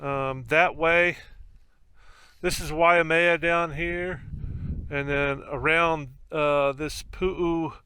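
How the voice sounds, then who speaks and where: Bright-voiced, chatty male motorcycle vlogger. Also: fairly high pitch, fairly even intonation, drawn-out words, smooth, no echo. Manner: rambling, chatty, with many fillers. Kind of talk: casual ride-along commentary. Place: outdoors on a motorcycle on a country road.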